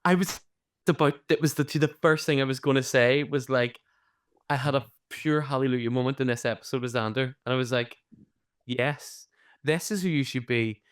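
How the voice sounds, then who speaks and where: A man co-hosting a podcast, talking in an animated, casual way and swearing freely. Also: medium pitch, brisk, clean tone. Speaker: podcast co-host.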